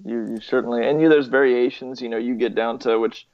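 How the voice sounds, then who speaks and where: A man's voice: medium pitch, fairly even intonation, fairly quick. A young man from the southeastern United States, chatting casually and hesitantly with lots of fillers. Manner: hesitant, many fillers and restarts, chuckles often. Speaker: interviewee, nurse. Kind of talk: casual chat. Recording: slightly muffled lo-fi recording.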